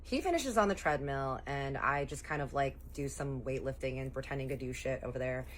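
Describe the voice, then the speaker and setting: A woman telling her viewers a story in a casual, chatty way, full of "like" and casual swearing, voicing her own reactions in high jumps. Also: brisk, a little hiss or hum.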